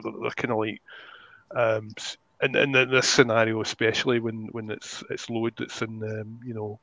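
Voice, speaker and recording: A man's voice: on the low side, creaky, a bit bright, rough recording. A man who is a guest creator, talking in a rambling, casual way on a podcast and often searching for his words.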